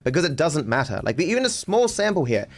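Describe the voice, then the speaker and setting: A man's voice: fairly high pitch, big pitch swings, a little fast. A man in a played video clip, explaining himself earnestly and calling himself a poor speaker. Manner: earnest, self-deprecating explaining. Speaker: content creator.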